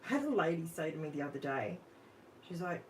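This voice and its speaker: Chatty Australian woman, lowish voice. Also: steady tone, brisk, a little hiss or hum. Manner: chatty, talks straight to viewers in the chat while crafting. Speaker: craft channel host. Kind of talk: casual live-stream chat. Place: home craft room under overhead lights.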